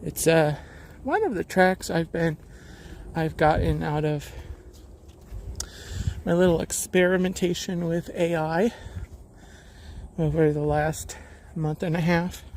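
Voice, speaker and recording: A slow-talking man with a gravelly edge rambles casually as he walks a lakeside trail, a little out of breath. He is recorded outdoors on a carried mic, with faint outdoor noise behind him. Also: on the high side, darkish tone. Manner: rambling, easygoing commentary while walking. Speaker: vlogger. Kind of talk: live-streamed hiking chat. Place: outdoors on a hiking trail by a lake.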